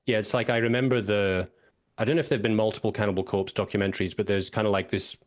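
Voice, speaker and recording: Man, podcast host, lowish voice, thoughtful relaxed interview talk. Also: fast talker. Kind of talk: casual interview chat.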